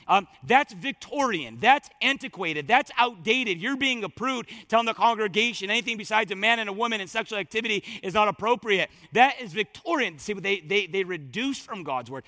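High, bright-voiced pastor preaching. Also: male voice, lively intonation, a little fast, few pauses, dry recording. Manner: emphatic, repeats phrases for stress, swings from loud to hushed. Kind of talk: sermon.

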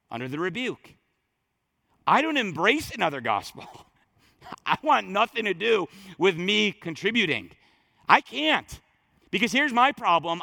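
Man, pastor preaching, high voice, bright tone, emphatic and conversational. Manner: emphatic, conversational preaching with sudden drops and rises. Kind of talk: sermon. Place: church sanctuary.

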